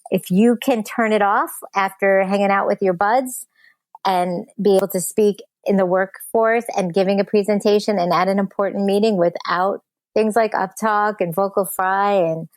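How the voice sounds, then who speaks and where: A woman's voice: mid-range voice, fairly even intonation, moderate pace, dry recording. A woman guest on an interview podcast, earnestly explaining her work and laughing easily. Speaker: guest, speech app founder. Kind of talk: conversational interview.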